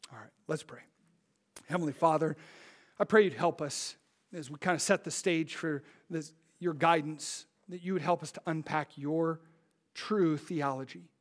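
Delivering a sermon, a thirty-something pastor speaks in a remarkably high voice with a lively, conversational style. When telling anecdotes, he often briefly imitates the people involved.

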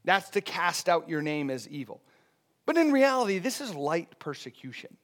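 A man's voice: fairly high pitch, moderate pace. A man, a pastor, preaching a conversational sermon and often checking in with the congregation. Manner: conversational, animated, often asking "right?".

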